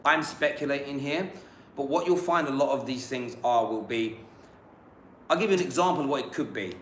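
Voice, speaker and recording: British man, football host, bright and high voice, jokey and animated, echoey room. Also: moderate pace. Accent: British English. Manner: animated, jokey, laughs often. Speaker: podcast host. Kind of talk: casual chat. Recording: echoey room with faint hiss.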